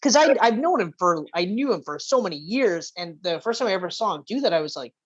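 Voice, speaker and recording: A woman co-hosting a podcast, chatting casually about video games, telling animated stories and swearing freely. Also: on the low side, fast. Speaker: podcast co-host. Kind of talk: casual gaming chat. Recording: muffled lo-fi audio.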